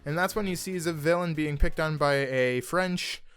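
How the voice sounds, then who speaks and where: A man's voice: a little high, moderate pace, smooth. A young man reading fan fiction aloud in a casual way, stumbling over words and adding asides. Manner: animated, stumbles over words, laughs at the text.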